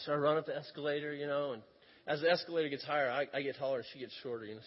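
A man preaching a sermon as an animated storyteller who often breaks into laughter. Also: fairly high pitch, rapid-fire. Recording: echoey hall, dull lo-fi sound.

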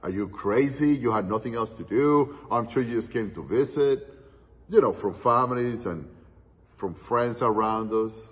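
A man preaching a sermon, telling a story with dramatic pauses and dropping to hushed tones for quoted words. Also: mid-range voice, slightly rough. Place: church hall. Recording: distant, muffled church hall recording with long reverb.

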